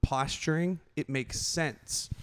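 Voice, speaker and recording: A man's voice: on the high side, slow pace, clear, resonant tone. A man hosting a podcast, chatting in an easygoing, joking way with his guest. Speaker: podcast host. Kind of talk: casual chat.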